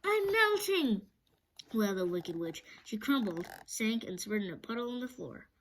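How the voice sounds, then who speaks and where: A woman reads a children's book aloud in a mid-pitched, everyday voice. She keeps a steady storytelling pace, often stumbling and going back over a word. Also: normal speed, a little hiss or hum, poor audio. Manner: steady reading with frequent stumbles and restarts.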